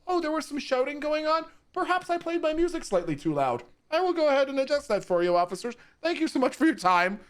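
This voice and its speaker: A man's voice: very high-pitched, sing-song, fast, hardly any pauses, pitched above the performer's own voice. A man voicing an unhinged male neighbor who screams shrilly and then turns prim and polite. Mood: mock-polite. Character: unhinged adult male neighbor, erratic and volatile.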